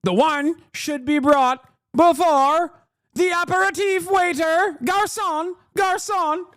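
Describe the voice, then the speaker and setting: A snooty, entitled busybody of a customer, nitpicking in a high, mocking put-on voice, as a man sends him up. The sound is dry and close. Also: slow pace, a bit bright, dry recording, heavily acted.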